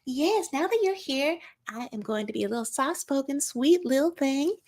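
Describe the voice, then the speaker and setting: A woman putting on a Southern accent to mock a brash middle-aged woman who pretends to be sweet and soft-spoken, in a sing-song drawl. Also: sits high, expressive, normal speed, pitched above the performer's own voice. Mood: fake sweet. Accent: Southern US, put on.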